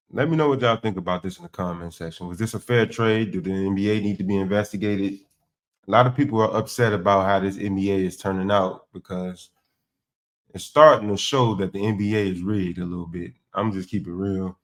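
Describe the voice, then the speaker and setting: Low-voiced male host, easygoing and slangy, asks viewers for their opinions. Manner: laid-back, agreeing, slangy. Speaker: show host. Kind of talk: casual commentary.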